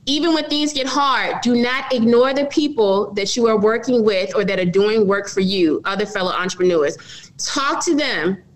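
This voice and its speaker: A woman's voice: medium pitch, moderate pace, low-quality recording. A middle-aged woman, a business owner, telling her story earnestly in an interview and often calling her listeners y'all.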